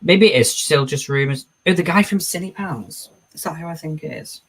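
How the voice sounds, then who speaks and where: A man's voice: on the high side, normal speed, husky. A man hosting a casual live stream, chatting away as he reads viewer comments aloud and answers them. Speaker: streamer host.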